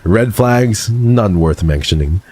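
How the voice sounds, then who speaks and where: A man's voice: on the low side, expressive, takes it slowly, a little mellow, husky, no room sound, heavily acted. A man putting on the voice of a smug, flirtatious charmer who purrs pet names at the listener. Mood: seductive. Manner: suave, purring, calls the listener kitten. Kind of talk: dramatic reading in a put-on voice.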